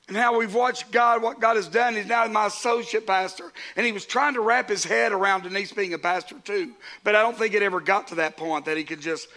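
A man's voice: sits high, sharp tone. A man, a pastor preaching a sermon to his congregation in a conversational way, with asides to the crowd.

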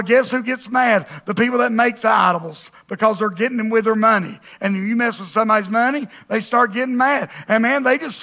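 A man preaches to his congregation in an easygoing, conversational way. His voice sits high and rings bright. He drops in jokes and keeps checking in with the room. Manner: conversational preaching with jokes and audience call-outs. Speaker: pastor. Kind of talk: sermon. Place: church auditorium with congregation.

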